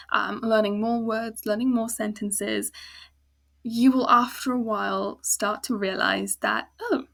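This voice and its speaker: The teacher here is a South African woman whose voice is a little high, creaky, and fairly bright. In an easygoing spoken lesson, she slowly and patiently breaks words down, spelling out each sound and syllable.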